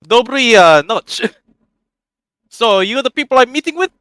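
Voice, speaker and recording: Guy putting on a big jolly dude, loud high voice, dry sound. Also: expressive, unhurried, clear, resonant tone, no echo, exaggerated voice. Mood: boisterous. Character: jolly stout man with a Slavic greeting.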